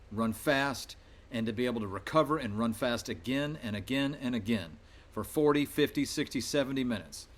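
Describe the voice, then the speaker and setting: A man's voice: medium pitch, a bit bright. Firm, emphatic man coaching a team. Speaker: middle school soccer coach. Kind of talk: motivational welcome talk to players.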